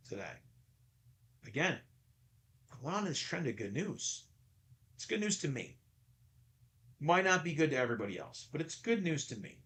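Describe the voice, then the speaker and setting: A man's voice: a little high, fairly bright tone. A man hosting a podcast in casual chat, rambling and often stammering over repeated words. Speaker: podcast host.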